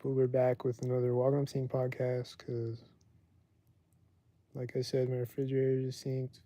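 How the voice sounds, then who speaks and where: This man casually rambles on his livestream podcast, leaning on "like" as a constant filler. He has a medium-pitched, dark-toned voice, monotone at a moderate pace, with no room sound.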